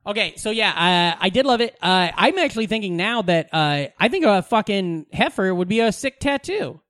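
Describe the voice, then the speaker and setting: A man's voice: high voice, sing-song, normal speed, a bit bright, dry recording, clean studio sound. A man co-hosting a casual podcast chat, rambling and profane, often laughing at his own jokes. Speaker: podcast co-host.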